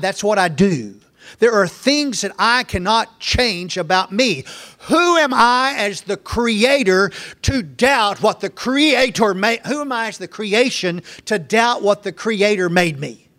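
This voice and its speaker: A man's voice: high-pitched, fairly bright tone. A middle-aged man preaching a folksy sermon, acting out family conversations as he goes. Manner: folksy, acts out family dialogue.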